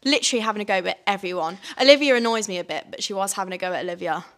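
A woman's voice: medium pitch, racing, fairly bright tone. A young woman from Leicester with a Leicester accent, co-hosting a podcast in casual chat and saying "like" a lot. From England. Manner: chatty, says "like" a lot. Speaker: podcast co-host. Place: studio.

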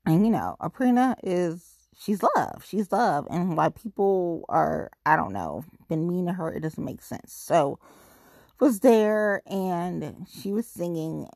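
A woman's voice: gravelly, no room sound, studio quality. A young adult woman, a podcast host, delivering a blunt, profane ranting monologue. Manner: blunt, swearing, big swoops in pitch.

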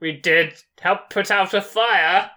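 A man's voice: high voice, takes it slowly, pushed and bright. A man playing a tabletop role-playing game, talking in a hesitant, laid-back way. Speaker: player. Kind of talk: in-character tabletop role-play.

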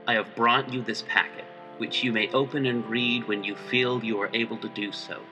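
A man voicing a stern, grim older doctor who speaks in loud, commanding declarations. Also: medium pitch, fairly even intonation, normal speed, recorded from a distance, muffled recording, over music, close to an everyday voice. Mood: somber.

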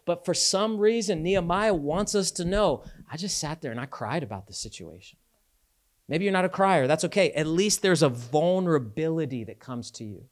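A man preaching a sermon as a pastor, talking in a conversational, animated way with casual asides. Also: high voice.

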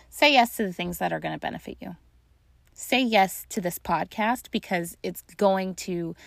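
A young adult woman talks straight to her listeners in a casual, reassuring solo podcast about grief, with plenty of ums along the way. Her voice has a gravelly, fry-laden edge, and the recording is close and dry. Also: mid-range voice, dry recording. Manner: warm, reassuring, talking directly to listeners; casual with frequent fillers. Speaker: podcast host and grief coach.

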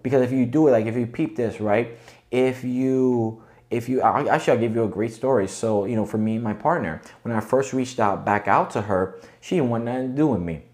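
A man with a medium-pitched, slightly mellow voice talks a little fast as he hosts a podcast, casually motivating listeners and checking in with them rhetorically.

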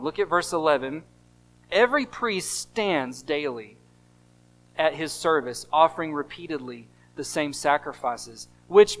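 A man's voice: fairly high pitch, rough recording. American male pastor preaching with emphatic repetition. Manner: emphatic, repeats key phrases, swings between loud stresses and quiet drops. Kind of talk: sermon.

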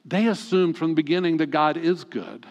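A man's voice: fairly high pitch, moderate pace, a little mellow, long reverb tail. A male pastor giving a sermon in a conversational way, often asking the congregation rhetorical questions.

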